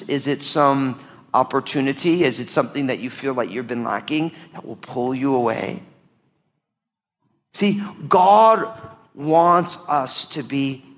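A man's voice: on the high side, long reverb tail. A man preaching a conversational sermon as pastor, asking rhetorical questions and speaking directly to his congregation.

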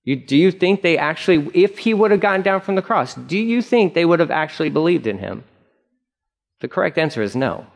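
Brief: male pastor, slightly high voice, animated sermon delivery with acted-out quotes. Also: brisk, creaky. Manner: animated, acts out mocking voices, conversational asides. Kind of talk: verse-by-verse sermon.

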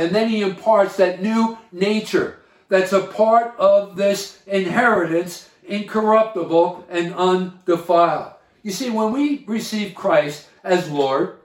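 A man with a fairly high voice preaches a sermon at an unhurried, measured pace. He leans on key words and pauses between phrases like a pastor at the pulpit. His voice carries a noticeable roomy echo. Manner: slow, deliberate preaching with emphatic pauses.

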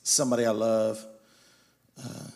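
A man preaching a sermon, swinging between loud emphatic lines and quiet confiding storytelling. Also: on the low side, measured pace, gravelly. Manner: animated, loud and emphatic, then quiet and confiding when telling his story. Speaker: guest preacher.

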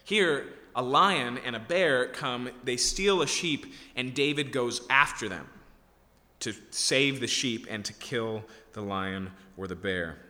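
Bright-voiced man preaching in a reverberant hall. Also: medium pitch, slow. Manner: conversational, paraphrasing scripture in casual modern speech. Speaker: pastor. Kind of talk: sermon.

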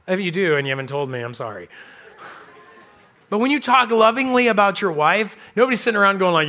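A man's voice: high voice, sing-song, quick pace, sharp tone. A man preaching a sermon as pastor, telling a story in a conversational way and acting out the people he quotes. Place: church.

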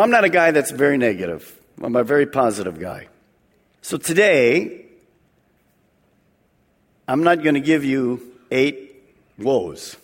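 Male pastor preaching, high and very lively voice, church hall reverb. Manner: animated preaching, acting out voices, call-and-response with the congregation. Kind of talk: sermon. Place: church sanctuary.

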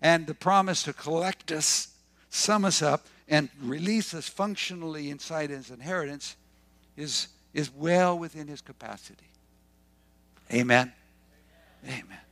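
A man's voice: normal speed, a bit bright. A man preaching a sermon as pastor, repeating phrases and swinging his voice up and down for emphasis. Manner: preaching with emphatic repetition and sudden pitch swings.

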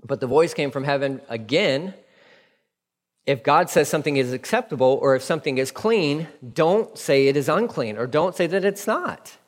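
A man preaching a sermon in a conversational, animated way, dropping into quick acted asides. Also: on the high side, long reverb tail. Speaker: pastor.

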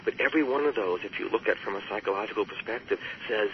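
A man who works as a therapist, speaking as an interview guest, explaining with emphasis and jumping higher when he quotes others. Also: fast, highs cut off, slight background noise. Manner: emphatic, rises sharply on quoted voices. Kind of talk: earnest explanatory interview talk.

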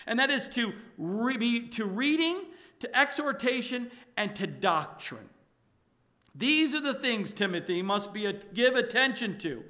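A male pastor preaching a sermon to his congregation, emphatic and rising to loud exhortation. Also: very high voice, expressive, unhurried.

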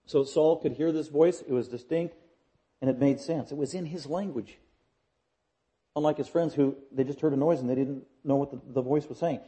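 Guy preaching a sermon, mellow warm voice, pitched a bit high, gets loud then drops real quiet. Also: normal speed. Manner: emphatic, building repetition, swings from loud to hushed. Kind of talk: expository sermon.

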